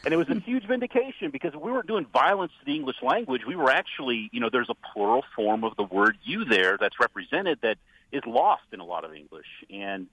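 Husky texas guy calling the radio show, voice swings up and down. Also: mid-range voice, brisk, muffled recording. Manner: animated storyteller. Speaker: caller. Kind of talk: radio call-in chat.

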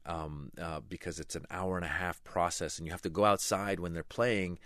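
A middle-aged man from Iran, a stand-up comedian telling lively anecdotes in an interview and acting out voices. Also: low-pitched, normal speed, dry recording, clean studio sound. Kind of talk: animated storytelling interview.

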